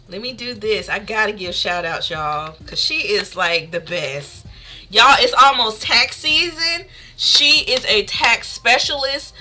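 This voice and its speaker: A woman's voice: medium pitch, sharp tone. A woman streamer chatting casually with her live audience, bubbly and chatty, laughing often.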